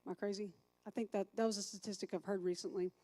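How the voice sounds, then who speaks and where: A woman's voice: medium pitch, steady tone, quick pace, mellow. A woman teaching a recovery class as a sponsor, chatty, thinking aloud and asking the group questions.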